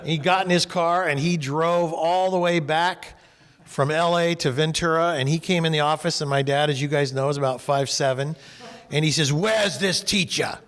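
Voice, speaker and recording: A man's voice: on the high side, normal speed, clean tone, in a large hall. A man from California tells a personal story while leading a faith discussion group, acting out the people in it. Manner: animated, acts out quoted people.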